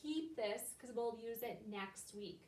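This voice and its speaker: A woman teacher with a fairly high voice walks young children through a recorded lesson one step at a time. She speaks patiently and clearly. She stands a little back from the mic in a room with a lot of echo. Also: slow, darkish tone, far from the mic. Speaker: elementary school teacher. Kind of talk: recorded remote classroom lesson.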